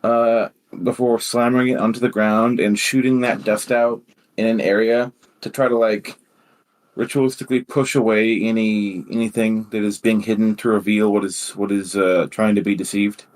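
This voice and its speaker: A man playing a tabletop game who describes his character's actions in a halting way, with many fillers. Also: fairly low pitch, little pitch movement. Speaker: player.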